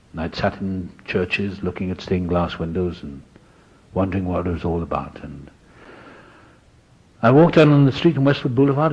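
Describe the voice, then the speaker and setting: Husky low man telling his story. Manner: lively, dramatic storyteller who acts out others' voices. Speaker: recovery meeting speaker. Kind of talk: storytelling talk. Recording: dull lo-fi recording.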